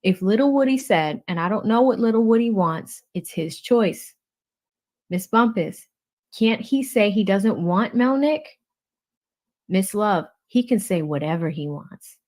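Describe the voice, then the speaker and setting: A woman reads court transcripts aloud to her live chat at an unhurried, deliberate pace, naming each speaker before the line. Her voice sits in a middle register. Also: mid-range voice, a little mellow. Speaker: livestream host reading court transcripts.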